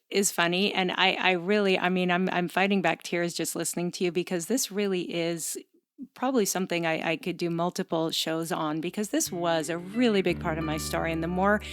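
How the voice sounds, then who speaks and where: A woman hosting a parenting podcast, talking in an earnest, encouraging way to her listeners. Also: on the low side. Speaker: podcast host. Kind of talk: casual chat and sponsor read.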